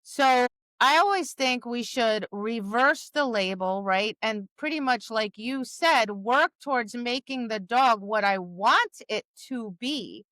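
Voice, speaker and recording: A woman's voice: on the high side, lively intonation, slow pace, fairly bright tone, no room sound. A woman co-hosting a podcast as a dog trainer, talking in an emphatic, casual way that acts out quotes. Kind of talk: casual conversational chat.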